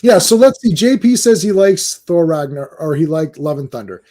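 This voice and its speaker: A man co-hosting a podcast in casual chat, animated, who acts out other people's complaints in mocking voices. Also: fairly high pitch, moderate pace. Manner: animated, mimics fans in mocking quoted voices. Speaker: podcast co-host.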